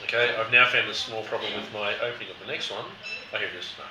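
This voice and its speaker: A man leading a casual wine tasting chat, animated and acting out quotes in a lively voice. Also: lowish voice, fast talker, noisy background. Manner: animated, acts out quotes with rising voice. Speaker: wine educator host. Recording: roomy, distant mic, faint background.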